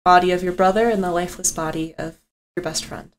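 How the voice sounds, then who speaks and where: A woman game master narrating a tabletop game with intensity, swearing freely and dropping low for solemn moments. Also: fairly even intonation, quick pace, slight background noise.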